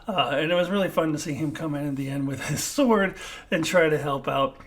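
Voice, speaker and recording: Woman giving a halting, unscripted review. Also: sits low. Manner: halting, pauses to search for words; self-deprecating, laughs at herself.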